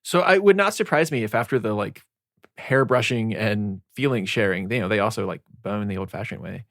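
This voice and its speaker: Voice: medium pitch, a little fast, no room sound. Chill podcast co-host, laughs lots, says like a ton, dry close mic. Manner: relaxed, laughing, filler-heavy. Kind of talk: casual book discussion.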